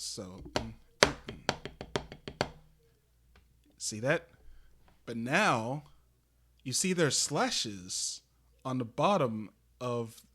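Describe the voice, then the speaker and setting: Slow, halting man explaining drum notation. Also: mid-range voice, a bit bright. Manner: halting, with many fillers and restarts, explaining step by step. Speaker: drum teacher streaming a lesson. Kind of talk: casual live-stream drum lesson. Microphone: desk microphone that peaks on loud drum hits.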